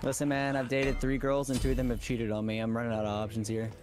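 Young gamer, mid-pitched, wry and offhand, casual swearing. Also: male voice, completely flat delivery, quick pace. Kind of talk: casual gaming chat.

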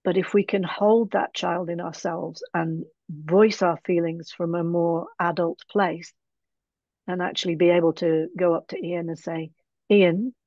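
A woman's voice: on the low side, little pitch movement, measured pace, a little mellow, no echo. A woman, a guest in an interview, thinking aloud in a frank, easygoing way. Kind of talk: casual conversational interview. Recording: dry, slightly dull lo-fi sound.

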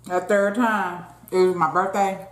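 A woman's voice: fairly low pitch, fairly even intonation, a little slow. A woman hosting a casual eating show, talking between bites and keeping up a running chat with her viewers. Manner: chatty, keeps calling out to viewers, talks between bites. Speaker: mukbang host. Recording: roomy echo.

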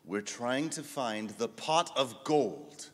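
A man's voice: medium pitch, lively intonation, slow pace, a bit bright. A man performing a comic stage sketch, boastful and teasing. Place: conference hall stage. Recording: live stage mic in a hall.

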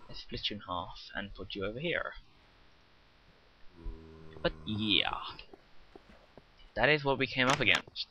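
A man's voice: lowish voice, expressive, measured pace, long pauses, bright, forceful tone. Rambling British man playing a game. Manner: rambling, self-deprecating chatter to viewers. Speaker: let's play gamer. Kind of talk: casual game commentary. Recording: slightly muffled with faint hiss.

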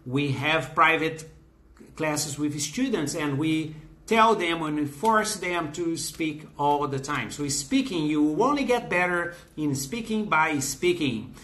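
Male English teacher, bright slightly high voice, encouraging and repetitive. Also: expressive, slow pace. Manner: encouraging, repeats phrases, greets viewers by name. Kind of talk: live online English class.

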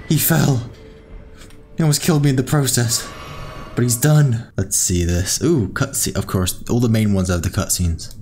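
A young man giving excitable, swearing commentary while playing a game, yelling at enemies. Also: mid-range voice, moderate pace, soft background music. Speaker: gaming YouTuber. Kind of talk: live gameplay commentary.

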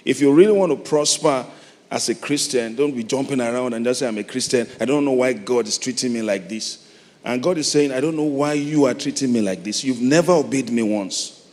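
A middle-aged Nigerian man preaching a sermon, moving from soft, reflective storytelling to loud, emphatic calls. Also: mid-range voice, brisk. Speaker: pastor. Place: large church hall. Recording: long hall reverb, faint noise.

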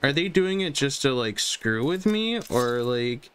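A young man giving live commentary on a game he is playing, talking out loud to himself. He speaks slowly and unhurried, with an even middle pitch, and often repeats his words when startled. A faint hiss of noise sits under the voice. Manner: talks to himself, repeats phrases, jumpy and exclaiming. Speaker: gaming video host.

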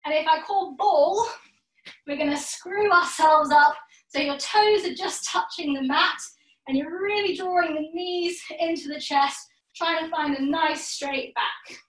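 A woman with a high voice leads a yoga class at an unhurried pace, calling out poses and cheering her students on. She sits some way back from the mic in an echoey room. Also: fairly bright tone, distant mic. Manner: encouraging, calls out poses in quick rounds. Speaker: yoga instructor. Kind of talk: guided yoga class instruction.

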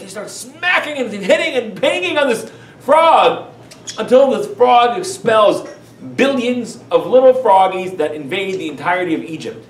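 Rabbi lecturer, male, high voice, emphatic and animated; echoey, distant recording. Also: normal speed. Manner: animated, emphatic, rhetorical questions. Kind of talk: lecture on Jewish teachings. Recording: echoey room, far from mic.

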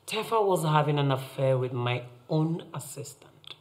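An actress with a Nigerian accent plays a middle-aged mother calmly confessing a scheme, unrepentant, in a TV drama. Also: sits low. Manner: measured, unrepentant. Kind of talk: TV drama acting.

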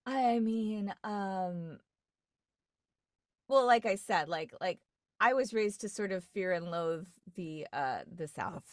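A woman's voice: mid-range voice, lively intonation, takes it slowly, no echo, clean studio sound. A woman from New York, a dialect coach, telling stories in a rambling casual chat full of fillers and restarts. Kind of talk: casual podcast conversation.

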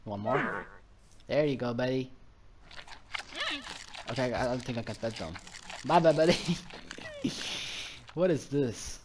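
A man giving casual, excitable commentary while playing a game, easily delighted and chatting to the animals he meets. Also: mid-range voice, unhurried, pauses often, noisy background. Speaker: gaming channel host. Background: background music.

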